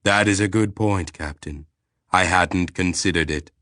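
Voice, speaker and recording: A man voicing an ancient, calm alien planetary intelligence that speaks in a clinical, measured, literal-minded way. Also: low voice, dry recording, clean studio sound. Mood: detached.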